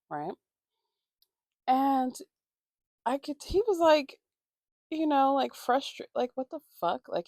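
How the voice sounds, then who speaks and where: Gravelly woman telling a rambling story. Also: mid-range voice, no room sound, clean studio sound. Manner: animated, profane, rambling storytelling. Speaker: vlogger. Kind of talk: casual storytime while getting ready. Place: at home getting ready for work.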